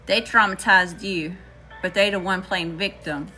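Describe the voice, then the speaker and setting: Southern woman, tarot reader, slangy, chatty, bright tone, faint music behind. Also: medium pitch, fairly even intonation, unhurried. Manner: slangy, chatty, talks back to Spirit. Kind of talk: casual tarot reading.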